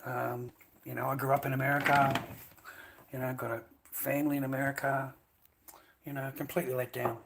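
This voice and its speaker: A man's voice: mid-range voice, little pitch movement, brisk, gravelly, long pauses. A man with an Australian accent in a casual vlog monologue, ranting bluntly and profanely, repeating himself and calling the listener "mate". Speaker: vlogger. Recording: noisy background.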